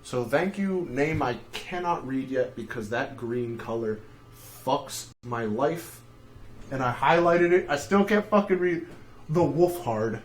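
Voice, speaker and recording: A man's voice: mid-range voice, animated, unhurried, a little hiss or hum. Young man streaming, crude rambling jokes. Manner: rambling, crude, profane storytelling with dark jokes. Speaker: livestream host. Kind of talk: casual livestream chat.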